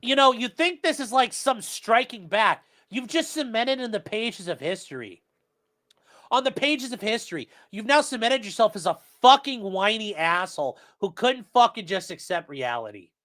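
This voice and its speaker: A man hosting a legal commentary livestream, reading court orders aloud and breaking into profane, shouting tirades. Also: sits high, big pitch swings, moderate pace. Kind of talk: livestream rant.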